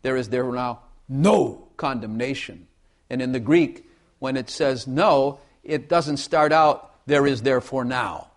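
A man's voice: medium pitch, takes it slowly. A man preaching a sermon in a folksy way, repeating phrases and asking the congregation for amens.

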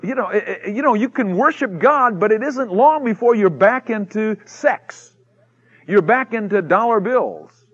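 Animated high-voiced male preacher. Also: unhurried, slightly rough, lo-fi sound. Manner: animated storytelling, acts out quotes with shouts and mock whispers. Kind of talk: sermon.

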